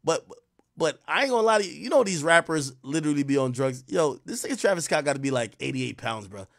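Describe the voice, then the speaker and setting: Rambling, profane male streamer, higher voice. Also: fast talker, creaky. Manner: animated, rambling, profane trash talk. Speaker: livestream host. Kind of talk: casual live-stream commentary.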